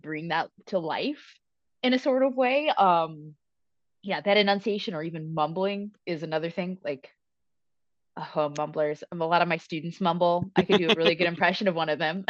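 A woman who teaches and runs tabletop campaigns, chatting casually and thinking aloud in a halting way. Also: on the low side, lively intonation, no echo, muffled recording. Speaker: teacher and game master. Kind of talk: casual podcast chat.

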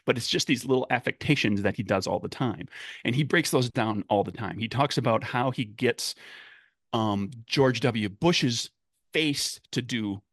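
A man's voice: medium pitch, measured pace, a bit bright, no echo, studio quality. A man chatting casually about tabletop game characters, rambling with many fillers and restarts. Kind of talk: casual podcast chat.

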